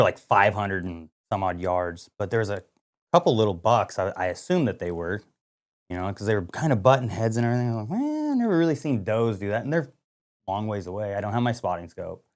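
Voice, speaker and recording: Casual male podcast co-host, lively storyteller who acts out what people said. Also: lowish voice. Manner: animated storyteller, lots of "like" and quoted dialogue. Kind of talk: casual hunting story chat.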